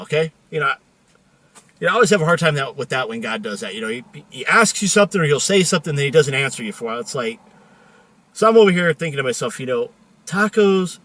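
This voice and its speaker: A man hosting a show, telling a story in a car in a chatty, joking, animated way. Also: mid-range voice. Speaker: host. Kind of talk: casual storytelling monologue.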